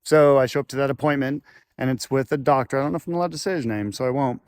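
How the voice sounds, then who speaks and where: A man's voice: mid-range voice, very fast, clear, resonant tone, no echo. Rambling man telling a story. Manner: rambling, loose, with fillers and restarts. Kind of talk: casual storytelling to camera. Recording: faint background noise.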